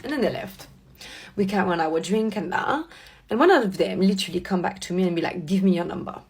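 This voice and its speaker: A woman telling a story to her viewers in a blunt, profane, animated rant. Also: mid-range voice, fairly quick, breathy edge. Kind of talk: casual ranting storytime.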